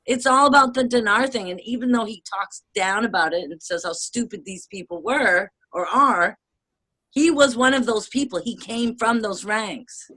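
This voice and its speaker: A woman from the United States in casual chat, rambling and animated, swearing and laughing often. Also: medium pitch, moderate pace.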